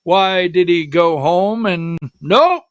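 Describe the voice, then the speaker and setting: A man's voice: sits high, takes it slowly, clear, resonant tone. A middle-aged man hosting a political livestream talk show. He talks in a rambling, emotional way and calls to the producer for slides.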